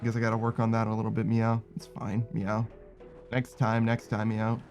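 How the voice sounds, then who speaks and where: A man's voice: completely flat delivery, moderate pace, a little mellow, faint music behind. A man streaming a video game, chatting casually, swearing often, reading chat aloud and tacking meow onto his sentences. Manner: frustrated outbursts in a raised, higher voice. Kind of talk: casual gaming stream commentary.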